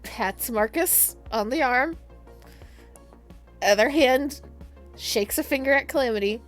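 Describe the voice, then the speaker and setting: Female tabletop player, slow and blunt, light music underneath. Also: sits high, animated. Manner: unhurried, laughing, blunt. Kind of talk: tabletop role-play, describing her character.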